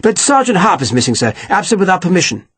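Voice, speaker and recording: A man's voice: sits high, big pitch swings, quick pace, a bit bright, slightly rough, voice pushed up, full character voice. A man voicing a stiff, pushy army captain who speaks in a clipped, officious, complaining way. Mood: aggrieved.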